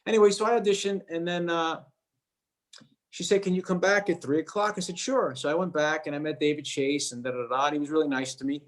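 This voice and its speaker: A man with a slightly raised pitch tells an animated story as a guest. He jumps into the voices of others in his tale and often stumbles over and repeats his words. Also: quick pace. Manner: lively anecdote-telling, acts out quoted voices, repeats words. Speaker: actor guest.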